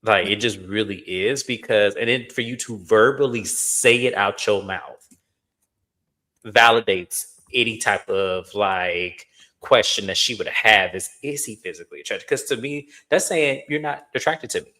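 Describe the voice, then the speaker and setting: A man co-hosting a casual live chat, blunt and emphatic, hammering his points home. His voice is fairly low but bright and forceful. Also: unhurried.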